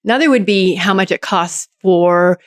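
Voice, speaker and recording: A woman's voice: lowish voice, moderate pace, no echo. Methodical woman mayor, dry close sound. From Oregon, US. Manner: methodical, breaks problems into parts. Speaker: city mayor as guest. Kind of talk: interview answers.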